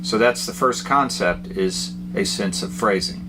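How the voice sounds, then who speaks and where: A man teaching guitar speaks slowly and in a fairly low voice. He explains plainly, pausing on fillers. Guitar playing sounds clearly between his phrases. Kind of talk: guitar lesson, explaining and demonstrating.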